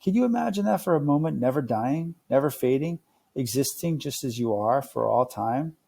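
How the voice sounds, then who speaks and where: A man's voice: mid-range voice, expressive, moderate pace, vocal fry, husky. A man reading aloud, voicing a patient, kindly older male teacher in a storybook. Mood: earnest. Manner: gentle, explaining.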